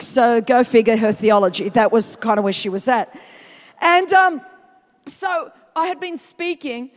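An Australian woman in her thirties preaching a lively sermon, telling stories and building to loud, fervent peaks. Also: a little high, big-room sound. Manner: animated storytelling, swinging from quiet to loud and fast.

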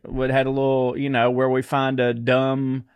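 A man's voice: mid-range voice, monotone, normal speed, clean tone, dry recording. A man, co-hosting a podcast in casual, laid-back chat, reading listener mail aloud and laughing often. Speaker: podcast co-host.

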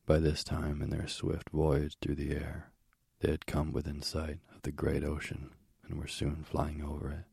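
A narrator reads a myth for an audiobook, measured and steady. His voice is extremely deep and husky, and the sound stays dry and close with no echo.

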